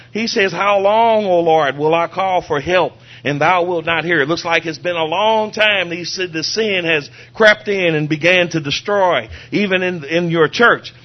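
A man delivers a fervent sermon in a fairly high voice, circling back on his points and quoting scripture. The recording sounds a little dull and lo-fi. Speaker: preacher.

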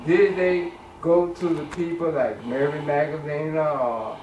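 A man in a Bible study group, talking in a rambling, halting way with many fillers. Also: on the high side, fairly even intonation, a little mellow, dull audio. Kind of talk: group discussion. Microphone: far from the mic. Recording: echoey, distant, noisy room.

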